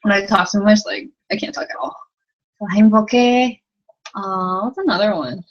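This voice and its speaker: At night in her bedroom, a young language tutor runs a casual livestream lesson, giggly, rambling and self-deprecating, saying "like" a lot. She speaks a little fast with a medium pitch, and the sound is lo-fi.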